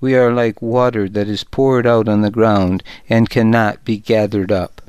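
A man's voice: on the low side, fairly even intonation, moderate pace, darkish tone, clear, resonant tone, dry recording, lightly acted. A man reading as a pleading grieving widow. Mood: imploring. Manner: pleading, deferential. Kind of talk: audiobook narration.

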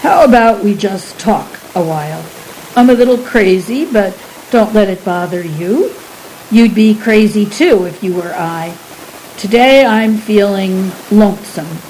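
A woman voicing a gruff, lonely giant man who talks bluntly and impatiently. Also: medium pitch, expressive, measured pace, a little mellow, slight background noise, natural voice, low-quality recording. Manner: brusque, exasperated questioning.

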